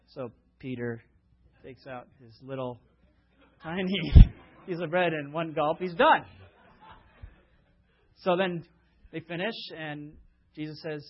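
Male preacher, conversational sermon, rhetorical questions, slightly high husky voice, dull lo-fi sound. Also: takes it slowly, pauses often. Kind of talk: sermon with storytelling.

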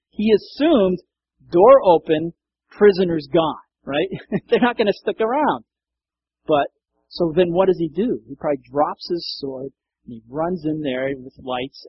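A man's voice: fairly high pitch, slightly rough, dull audio. A man preaching a sermon in a conversational way, acting out quoted lines and laughing now and then. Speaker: pastor.

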